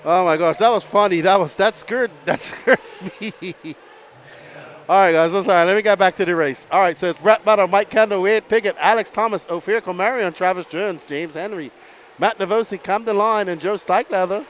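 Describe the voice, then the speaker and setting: Man, race announcer, high voice, excitable live commentary, faint background noise. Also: a little fast. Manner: excitable, laughs often between calls.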